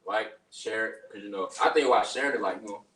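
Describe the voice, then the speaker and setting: A teenage boy on a podcast panel, talking haltingly with lots of fillers. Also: lowish voice, a bit bright. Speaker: teen panelist. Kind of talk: casual group chat. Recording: echoey room, far from the mic.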